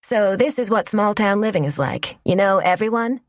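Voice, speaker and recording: A woman's voice: mid-range voice, lively intonation, normal speed, no room sound, clean studio sound, voice pushed up, close to an everyday voice. A woman voicing a flustered, eager young city woman on her first day as a waitress. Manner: nervous, breathless and eager.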